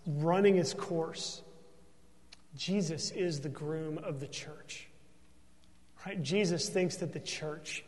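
Pastor guy preaching, keeps asking "right?", bit higher voice, echo hanging in a big hall. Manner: earnest, emphatic preaching with rhetorical "right?" asides. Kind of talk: sermon.

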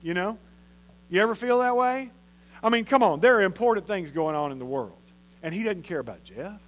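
A man's voice: high-pitched, animated, a little fast, fairly bright tone. A man, preaching a sermon in a conversational way and repeating phrases for emphasis. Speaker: pastor.

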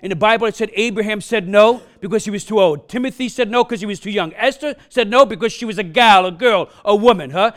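A pastor with a non-native English accent preaches in a church sanctuary, pressing his congregation with punchy, repeated questions and checking in with "huh?" again and again. His voice sits high and a bit bright, moving quickly with hardly any pauses.

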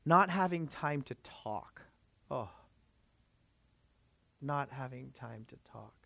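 A man's voice: medium pitch, animated, takes it slowly, creaky, pushed and bright, no echo. Emphatic male pastor preaching. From Filipino background. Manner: emphatic, rhetorical questions to the congregation. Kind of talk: sermon.

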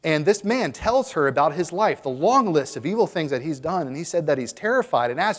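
A male pastor preaching in an earnest, emphatic voice that sits a little high for a man. His words ring out with a long hall reverb. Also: sing-song, a little fast, hardly any pauses. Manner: earnest, emphatic, building to exhortation. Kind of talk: sermon.

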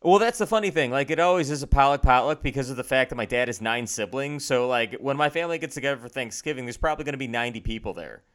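A man's voice: medium pitch, animated, fast talker, few pauses, fairly bright tone. A young man co-hosting a podcast, chatting in a rambling, self-deprecating way with lots of fillers, recorded on a home studio microphone over a video call. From Chicago area. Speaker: podcast co-host. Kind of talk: casual chat.

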